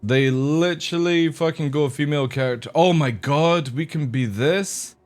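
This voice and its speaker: Joking guy streaming a game, crude and rambly, medium voice. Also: medium pitch. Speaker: gaming streamer. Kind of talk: casual live-stream chat.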